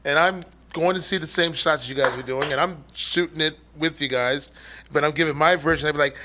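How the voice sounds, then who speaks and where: A man's voice: a little high, fairly quick, bright, forceful tone, a little hiss or hum. A man chatting casually on a show, rambling and laughing as he talks. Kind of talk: casual chat.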